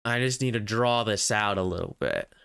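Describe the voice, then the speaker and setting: Sleepy, gravelly-voiced man streaming a game. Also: on the low side, moderate pace. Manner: sleepy, relaxed, rambling. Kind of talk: casual game commentary. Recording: game music behind the voice.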